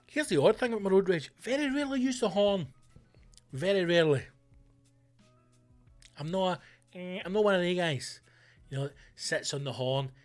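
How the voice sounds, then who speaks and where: A man with a Scottish accent hosting a comedy podcast, ranting loudly and swearing a lot. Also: high-pitched, moderate pace, long pauses, faint music behind. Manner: loud, sweary, animated ranting.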